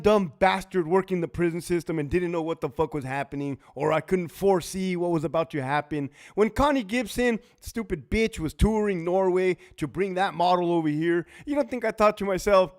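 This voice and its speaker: A man with a somewhat high voice rants on a casual livestream. His talk is blunt and full of profanity, and he laughs often between lines. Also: moderate pace, few pauses. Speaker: livestream host, former prison officer.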